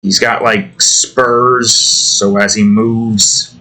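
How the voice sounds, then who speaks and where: A man's voice: lowish voice, flat delivery, drawn-out words, pushed and bright. A tired man rambling and grumbling to himself in casual commentary while he builds a game. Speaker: game developer vlogger.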